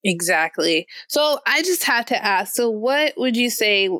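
A woman interviewer chatting casually, relaxed and heavy on fillers. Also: fairly high pitch, unhurried, no room sound, studio quality.

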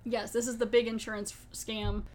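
A woman's voice: fairly high pitch, level tone, a little fast, darkish tone. A woman hosting a podcast, talking in a chatty, rambling way and laughing often. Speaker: podcast host. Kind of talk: casual chat.

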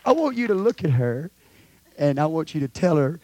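Fervent preacher, swinging from hush to shout. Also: male voice, on the high side, big pitch swings, normal speed. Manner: fervent, call-and-response preaching, swings between hushed prayer and loud exhortation. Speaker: pastor. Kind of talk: sermon. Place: church sanctuary.

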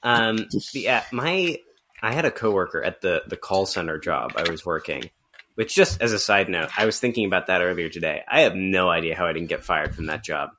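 Deep, bright-toned podcast co-host guy. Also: lively intonation, a little fast, a little hiss or hum. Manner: rambling anecdotal storytelling. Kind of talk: casual comedic chat.

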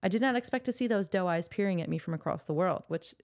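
A woman's voice: on the low side, lively intonation, quick pace, darkish tone. Young woman gushing thru a book recap on a podcast, chatty, laughs a lot, swears for fun. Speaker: podcast co-host. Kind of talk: casual book discussion podcast.

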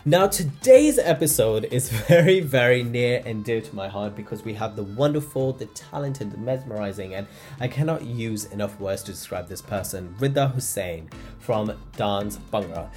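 A man hosting a podcast, reading an upbeat intro and then chatting in a lively, teasing way. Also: fairly low pitch, moderate pace, soft background music. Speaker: podcast host. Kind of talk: scripted intro then casual chat.

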